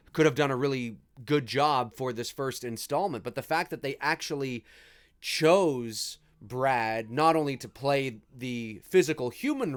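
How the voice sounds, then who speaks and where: A man hosting a live movie commentary stream, talking in a rambling, easygoing way and swearing freely. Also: medium pitch.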